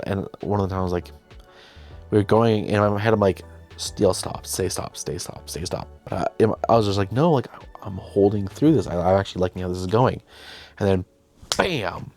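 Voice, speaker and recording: A man's voice: sits low, darkish tone. A young man hosting, casually telling a behind-the-scenes story, chatty and self-deprecating, often quoting himself and others. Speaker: host.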